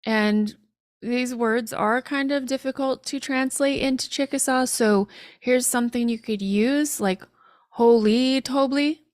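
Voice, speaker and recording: A woman teaching an online language lesson, sounding out phrases slowly and carefully with light laughs between tries. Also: on the high side, no room sound, studio quality. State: frog in her throat.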